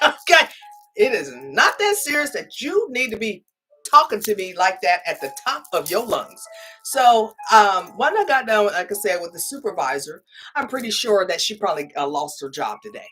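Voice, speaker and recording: A woman giving a spiritual reading who chats casually with viewers, stressing her points with a repeated "okay?" and acting out her own sharp replies. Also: mid-range voice, normal speed, soft background music. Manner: animated, repeats "okay?" for emphasis; emphatic, re-enacts her own retorts. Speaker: spiritual tarot reader.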